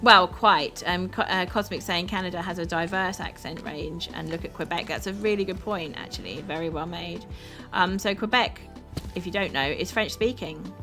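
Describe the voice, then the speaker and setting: A woman's voice: lowish voice, moderate pace, hardly any pauses, sharp tone. Chatty South London woman streamer. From South London, England. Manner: chatty and upbeat, thanking viewers, laughs easily. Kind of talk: casual chat with live chat while gaming. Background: background music.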